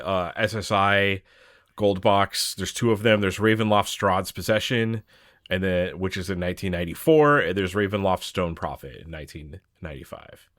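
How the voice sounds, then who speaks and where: Podcast co-host, young man, low voice, eager and chatty, dry recording. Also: dry recording. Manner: chatty, excited, laughs often. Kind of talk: casual podcast chat.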